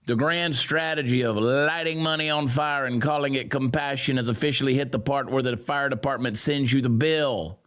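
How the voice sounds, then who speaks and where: A man's voice: steady tone, normal speed, few pauses. Sarcastic man ranting commentary. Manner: sarcastic, mocking, swinging from loud jeers to low grumbles. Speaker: political commentator.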